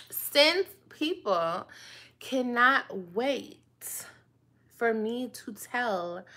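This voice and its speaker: A woman hosts her own video, talking straight to her viewers in a casual, theatrical monologue. She takes her time, stretching out her words. Her tone is bright and forward. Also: mid-range voice. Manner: dramatic, drawn-out, talks straight to the viewers. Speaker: online video host.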